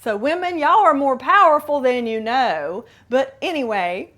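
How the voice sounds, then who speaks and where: Slow-talking woman telling her own story. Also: high-pitched, expressive, a bit bright. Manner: candid, dramatic retelling with asides. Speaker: podcast host. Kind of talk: personal storytelling monologue.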